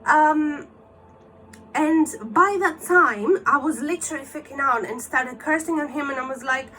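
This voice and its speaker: A woman's voice: sits high, unhurried, pushed and bright. A woman vlogger telling a personal story to camera, agitated as she retells a scam phone call and quotes both sides.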